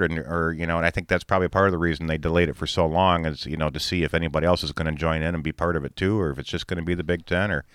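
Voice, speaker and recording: A man with a very deep, smooth voice talks in a casual chat, sarcastic and exasperated, often circling back over his own words. The sound is dry and close. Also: a bit bright, no room sound. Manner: exasperated, sarcastic, repeats himself. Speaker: co-host. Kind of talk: casual radio-style chat.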